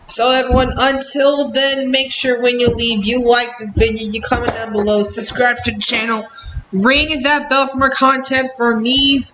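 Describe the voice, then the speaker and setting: A man's voice: extremely high pitch, little pitch movement, moderate pace, pushed and bright, a little hiss or hum. A young man hosting a reaction channel, ranting bluntly and repeating himself in exasperation. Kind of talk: casual reaction rant. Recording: echoey room with faint ambience.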